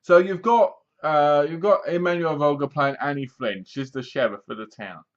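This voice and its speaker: A man's voice: on the high side, normal speed. Rambling man reviewing a film, English accent. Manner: rambling, animated, sarcastic-sounding. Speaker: movie reviewer. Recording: dull lo-fi recording.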